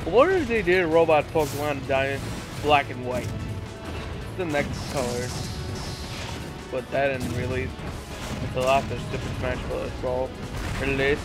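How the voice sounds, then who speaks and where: A teenage boy casually commenting on his video game play, goofy and excitable, swearing and breaking into silly shouts. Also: medium pitch, unhurried, pauses often. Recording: loud game music under voice. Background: video game music.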